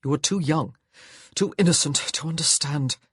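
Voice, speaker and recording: A man voicing a brooding, volatile nobleman who speaks low and strained, breaking into forceful outbursts. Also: moderate pace, husky, dry recording, clean studio sound. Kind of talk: audiobook character voice.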